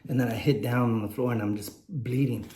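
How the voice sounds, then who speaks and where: A man's voice: mid-range voice, steady tone, fairly quick, dark tone, echoey room. A man in his late forties telling a personal story on his vlog, rambling and candid, with many fillers and restarts. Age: late 40s. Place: indoors, warm room.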